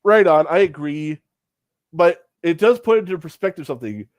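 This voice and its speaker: Blunt profane man, slightly high voice. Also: animated, normal speed, no echo. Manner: blunt, profane, retells scenes. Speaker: podcast host. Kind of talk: casual review chat.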